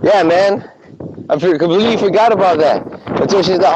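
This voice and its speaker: A man on a podcast telling stories in casual chat, animated and swearing a lot. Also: sits high, fairly quick. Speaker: podcast co-host. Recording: muffled lo-fi recording with faint noise.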